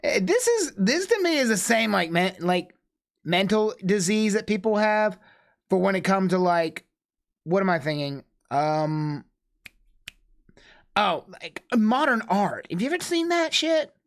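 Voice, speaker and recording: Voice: medium pitch, big pitch swings, measured pace. A streamer reacting to a video, making blunt jokes with swearing. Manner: blunt joking interjections with swearing. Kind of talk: live reaction commentary.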